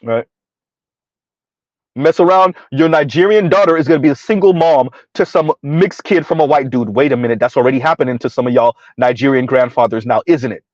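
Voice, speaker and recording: A man's voice: mid-range voice, fairly quick, darkish tone, no echo. A man live-streaming commentary and reading chat comments, blunt and mocking, laughing often. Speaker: online commentator. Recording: dull lo-fi dry sound.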